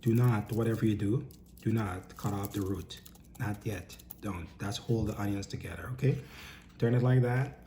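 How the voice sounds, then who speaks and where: A man's voice: lowish voice, moderate pace, mellow, slight background noise. A man casually teaching a home cooking lesson, chatty and instructive, often checking in with "okay?" and "right?".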